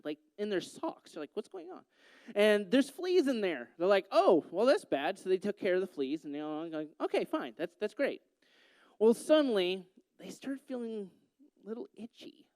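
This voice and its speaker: High-voiced man telling a teasing story. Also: clean tone, no echo. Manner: playful, teasing the audience. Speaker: youth speaker. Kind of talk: joking storytelling talk.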